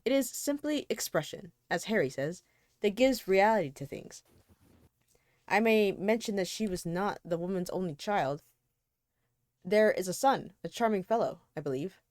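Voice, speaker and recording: A woman reading the part of a detached, callous young man in a slow, languid way. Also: medium pitch, animated, a little mellow, no room sound, clean studio sound, lightly acted. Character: cool, callous young man, aloof and bored. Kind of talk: amateur read-aloud of a novel.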